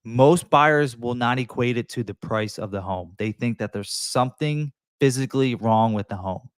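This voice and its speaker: A man talks straight to camera like a real estate agent coaching sellers. His delivery is emphatic and conversational, with quick acted-out asides. The sound is dry and close, with no room around it. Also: mid-range voice, clean tone, no echo. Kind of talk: direct-to-camera advice talk.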